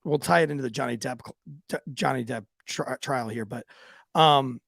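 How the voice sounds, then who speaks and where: Gravelly, profane ex-cop podcast host. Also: male voice, medium pitch, moderate pace, no room sound, clean studio sound. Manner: profane, animated anecdote-telling. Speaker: podcast co-host, former police officer. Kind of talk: casual podcast chat and storytelling.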